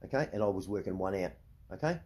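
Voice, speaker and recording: A man's voice: deep voice, expressive, fast, darkish tone. A middle-aged Australian man ranting to camera, blunt and profane, repeatedly asking "right?" as he talks. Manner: heated, indignant. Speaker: vlogger.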